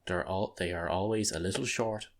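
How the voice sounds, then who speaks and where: A man's voice: low-pitched, normal speed. A man co-hosting a podcast, telling jokes in a loose, laughing way. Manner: jokey storyteller, breaks into laughter. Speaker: podcast co-host. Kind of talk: casual podcast chat.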